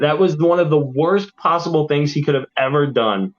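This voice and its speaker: A man hosting a casual podcast chat, telling stories excitedly and swearing freely. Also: fairly high pitch, moderate pace, few pauses. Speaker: podcast host. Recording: dull lo-fi audio.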